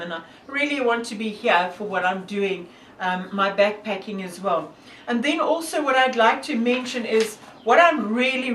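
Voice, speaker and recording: A woman's voice: medium pitch, a bit bright, reverberant, far from the mic, a little hiss or hum, low-quality recording. A woman from South Africa with a South African accent, talking earnestly and devoutly to camera with many fillers. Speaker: hiker and vlogger. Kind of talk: casual talk to camera.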